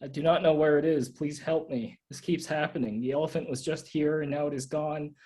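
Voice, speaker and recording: A man reading his own absurd poems aloud at a live reading, in a deadpan way. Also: a little high, fairly quick, low-quality recording. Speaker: poet reading own work.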